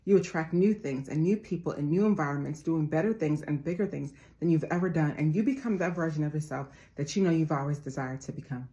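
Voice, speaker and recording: Low-voiced woman giving a motivational talk. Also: fast talker, few pauses, dark tone, dull audio. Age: 40s. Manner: preachy, repeats phrases, calls listeners family. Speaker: motivational speaker.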